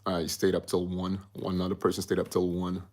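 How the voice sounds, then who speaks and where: A man's voice: low-pitched, completely flat delivery, fast, a little mellow. A man hosting a casual livestream, rambling and chatty as he reads out viewer comments. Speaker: livestream host.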